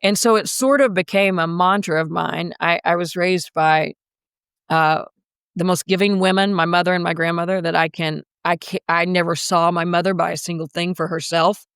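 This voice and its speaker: A woman's voice: lowish voice, steady tone, normal speed, fairly bright tone, clean tone, no room sound, studio quality. A woman coach, a podcast guest, telling a personal story in a vivid, dramatic way.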